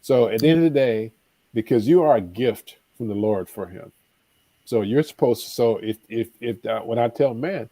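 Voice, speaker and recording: A man's voice: mid-range voice, expressive, a little fast, mellow, no room sound. A man, a life coach, telling stories with emphatic repetition and acted-out dialogue in a preacherly manner. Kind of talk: animated storytelling advice.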